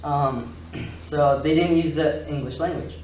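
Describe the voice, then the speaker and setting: A man's voice: on the high side, unhurried, crowd noise. A man with an Indian accent, a native Gujarati speaker and flight student, chatting eagerly and rambling in a classroom discussion. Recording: echoey room, from far off, noise.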